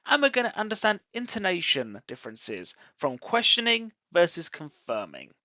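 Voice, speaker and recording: An English teacher giving a scripted online grammar lesson, deliberately acting out example sentences with exaggerated rising and falling intonation. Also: mid-range voice, big pitch swings, pushed and bright, no room sound. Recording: dull lo-fi audio, dry close sound.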